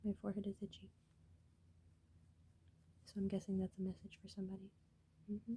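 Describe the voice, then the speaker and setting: A woman's voice: mid-range voice, monotone, a little fast, dark tone, slight background noise. A woman talking casually to her viewers in a rambling, earnest way, cursing freely as she shares spiritual thoughts. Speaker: vlogger.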